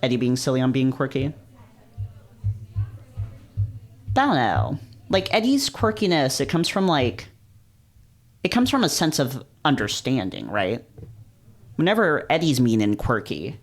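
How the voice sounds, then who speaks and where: A man reading a visual novel aloud in the first person, breaking off into casual, swearing, laughing commentary. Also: mid-range voice. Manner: casual, swears and laughs, quick animated reactions.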